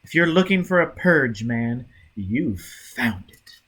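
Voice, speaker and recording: A man reading an audiobook, voicing a savage, cold male agent who talks in harsh, forceful, threatening bursts, a little raised in pitch and loud. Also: very animated, slow pace, slightly rough, heavily acted.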